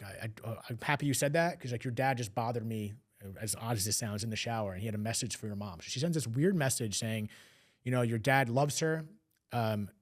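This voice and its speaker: Man, podcast guest, rapid emotional storytelling, mid-pitched. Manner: fast, emotional retelling with acted quotes. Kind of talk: personal storytelling.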